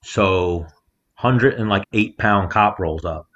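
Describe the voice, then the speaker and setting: A man with a fairly low voice co-hosts a podcast from a rented house. He tells his story in a loose, profane way and punches up the quotes. The sound is muffled and lo-fi, like a remote call. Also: takes it slowly, a little hiss or hum. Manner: animated storyteller, acts out quotes loudly. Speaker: podcast co-host. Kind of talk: casual storytelling chat.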